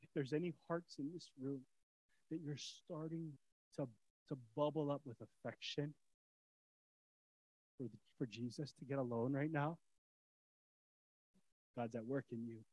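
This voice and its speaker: A man preaching a sermon as pastor in a casual way, swinging from soft, quiet lines to excited shouting. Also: mid-range voice, measured pace, long pauses, breathy edge, low-quality recording. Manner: casual preacher's talk with fillers and repeats.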